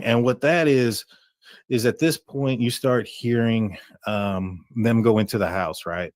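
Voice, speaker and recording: A man's voice: mid-range voice, a little mellow, dry recording, clean studio sound. A man casually talking through a crime case recording, rambling and restarting his sentences often. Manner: rambling, halting with many restarts. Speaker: true crime commentator. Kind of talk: casual commentary on a call recording.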